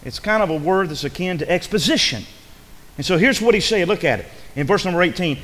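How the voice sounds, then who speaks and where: A man preaching in a church with a somewhat high voice. He is folksy and repeats his phrases, rising to loud emphasis and dropping to hushed asides. The sound carries a long hall reverb. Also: lively intonation, brisk. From rural upbringing. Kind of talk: sermon.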